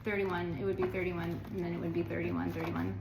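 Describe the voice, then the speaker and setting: Speaking a little fast with vocal fry and a level tone, this American tarot reader has a voice on the low side. She rambles casually through a reading for viewers, leaning heavily on filler words. Background noise and echo fill the room.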